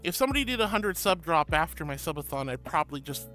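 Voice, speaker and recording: A woman's voice: deep voice, sing-song, fast, a bit bright, soft background music. A woman streaming casually, reading chat aloud in an affectionate, giggly way, calling viewers sweetie and honey and often repeating herself. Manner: rambling, repeats phrases. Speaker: VTuber streamer.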